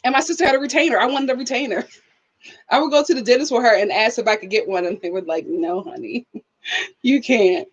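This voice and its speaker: A woman with a fairly high, slightly rough voice talks at a racing clip, and the audio quality is poor. She's hosting a casual live stream, animatedly telling stories, acting out quotes, reading viewer comments, and laughing often.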